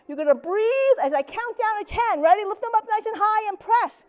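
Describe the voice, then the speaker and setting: A woman's voice: extremely high pitch, expressive, normal speed, hardly any pauses. A woman leading a chair exercise class, upbeat and encouraging, cheering with whoops and slightly out of breath. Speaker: fitness instructor. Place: senior center hall.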